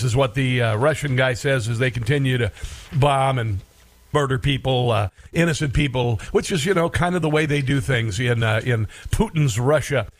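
A man's voice: mid-range voice, fairly quick. Sarcastic male commentary host. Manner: sarcastic, rambling, many filler "uh"s.

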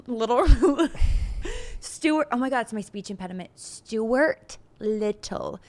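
A young woman co-hosting a casual podcast, chatting lively with her husband and laughing often as she tells family stories. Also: fairly high pitch, normal speed. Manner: giggly, animated, laughs often. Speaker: podcast co-host. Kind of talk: casual chat.

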